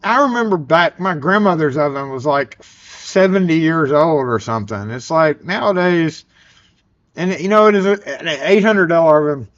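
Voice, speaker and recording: A man's voice: a little high, lively intonation, moderate pace. A man with a Southern US accent hosting a casual live stream, rambling and joking as he chats. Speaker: livestream host. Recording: dull lo-fi sound.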